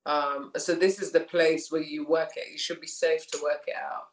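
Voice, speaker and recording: A woman's voice: low-pitched, fairly even intonation, normal speed, slight background noise. Woman guest, candid and chatty, mid voice, echoey room. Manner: candid, laughing, repeats phrases. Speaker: podcast guest. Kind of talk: casual conversation. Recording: roomy echo.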